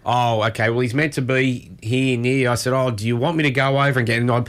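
A man's voice: mid-range voice, steady tone, fast talker. An Australian man in his thirties co-hosting a radio show, telling long rambling anecdotes in casual chat with many restarts. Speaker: radio co-host.

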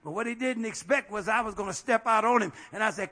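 A male pastor preaching a fiery, folksy sermon, peppered with amens and rising to shouts. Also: high voice, quick pace, few pauses, slight background noise. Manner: folksy, plain-spoken.

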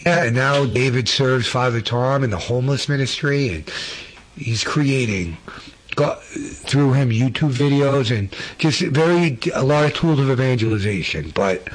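A man hosts a relaxed interview and draws out his guest's stories with short cues. His voice sounds husky, at a middle pitch. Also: measured pace, low-quality recording. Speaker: host. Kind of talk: casual interview chat.

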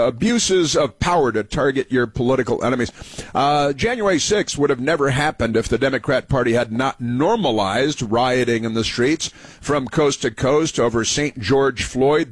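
A man's voice: medium pitch, no echo. A man hosting a call-in radio show, talking in a rambling, opinionated monologue full of fillers and repeated phrases. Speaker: radio talk show host.

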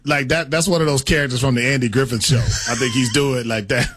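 A man's voice: medium pitch, steady tone, a little fast, fairly bright tone, slightly rough. Teasing, laid-back male co-host. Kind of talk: casual chat.

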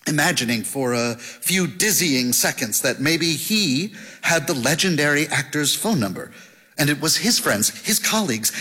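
Expressive male narrator, reverberant hall. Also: fairly high pitch, breathy edge. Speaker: audiobook narrator. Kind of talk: scripted narration.

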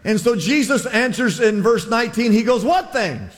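Pastor guy preaching, pretty high voice, long echo off a big church hall, keeps restarting words. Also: moderate pace. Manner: animated storytelling with stammered restarts and asides to the congregation. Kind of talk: sermon. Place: church sanctuary.

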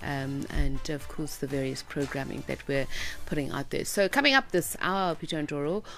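A woman co-hosting a live morning radio show. Her voice carries a gravelly, creaky edge, and she talks through the headlines in a loose, conversational way with small fillers. Faint music runs underneath. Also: low-pitched, moderate pace, a bit bright. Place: radio studio.

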